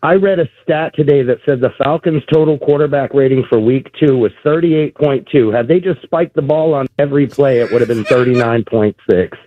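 Male caller, wry and articulate, mid-pitched, on a phone-quality line. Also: a little fast, hardly any pauses, no room sound. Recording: tinny dry phone line.

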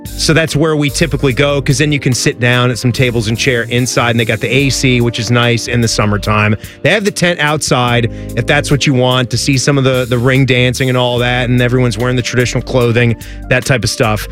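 A man's voice: medium pitch, steady tone, brisk, a bit bright, soft background music. A man co-hosting a radio talk show, describing things with eager enthusiasm and a rambling, filler-heavy way of talking. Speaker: radio co-host. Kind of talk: casual radio banter.

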